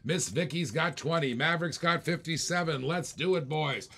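A man's voice: fairly high pitch, normal speed, creaky, pushed and bright, a little hiss or hum. A man hosting a live online auction, calling bids in playful, repetitive patter with jokes. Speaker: auctioneer and host.

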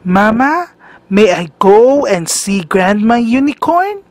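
A woman's voice: fairly high pitch, big pitch swings, slow pace, darkish tone, no room sound, heavily acted. A woman doing an eager young unicorn boy. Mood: pleading.

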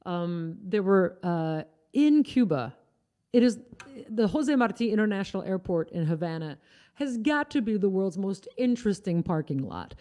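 A woman's voice: mid-range voice, big pitch swings, moderate pace, mellow. A woman from Iowa hosting a live music stream, chatting casually and explaining things as she goes. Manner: chatty, explaining, trails off and restarts. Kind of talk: casual chat.

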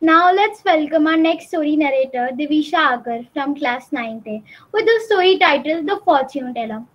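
A teenage girl with an Indian English accent hosts an online school storytelling contest. Her voice is high, and she reads her introductions in a scripted, formal way. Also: expressive, normal speed. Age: teens. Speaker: student host. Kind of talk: announcing the next speaker.

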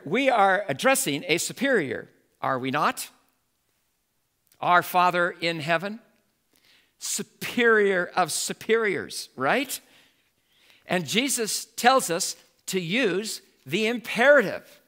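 A male pastor preaching a sermon in an animated way, building to emphatic exclamations. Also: sits high, takes it slowly.

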